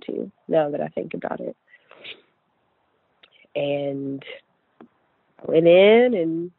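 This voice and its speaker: A woman's voice: low-pitched, creaky, slightly rough, no echo. A young woman from West Virginia telling her own story in a chatty, earnest way, full of "like" and "you know". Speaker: guest sharing her story. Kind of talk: casual personal storytelling. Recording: tinny phone-like dry line.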